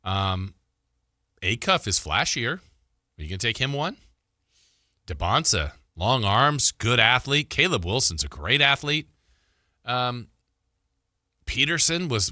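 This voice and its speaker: A man hosting a sports talk radio show, chatting casually and thinking out loud with fillers and restarts. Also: mid-range voice, very animated, a little slow, pauses often, no echo, clean studio sound.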